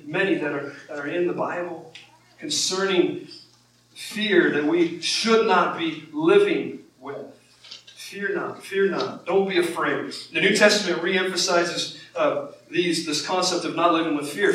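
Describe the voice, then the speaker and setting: A man's voice: fairly high pitch, a bit bright, a little hiss or hum. A man, a pastor, preaching a sermon in a conversational way that rises when he quotes scripture. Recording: echoey room from far off.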